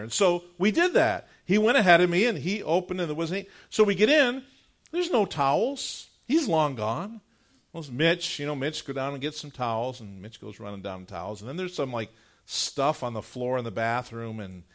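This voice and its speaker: A middle-aged man preaching from the pulpit, slipping easily into chatty, story-driven talk full of casual fillers. His pitch sits a touch high and leaps around a lot, rising sharply at the funny moments and settling lower for the earnest parts. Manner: animated conversational storytelling, frequent "like" fillers; earnest, measured prayer closing the sermon. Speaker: pastor. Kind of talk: sermon with personal anecdote.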